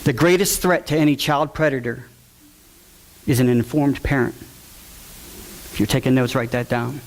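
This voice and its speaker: A man's voice: medium pitch, steady tone, a little slow. A father giving an earnest, emotional testimony to a church audience, repeating key words for emphasis.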